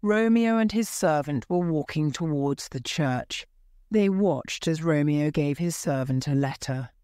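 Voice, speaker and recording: Low voiced lady reading a story real slow for learners, smooth and dry. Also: lively intonation, warm tone, no echo. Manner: slow, careful, clear reading. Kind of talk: slow graded-reader narration for English learners.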